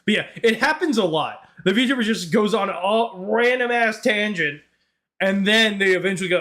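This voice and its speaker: A man's voice: high-pitched, unhurried, pauses often, fairly bright tone. A young man with a Northern Irish accent, chatting on a live stream, rambling off on tangents and laughing often. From Northern Ireland. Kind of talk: casual live-stream chat.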